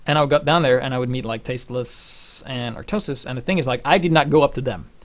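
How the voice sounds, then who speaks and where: Young male vlogger, rambling, animated, swears freely. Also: mid-range voice, fast talker. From Norway. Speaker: channel host. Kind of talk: casual personal storytelling.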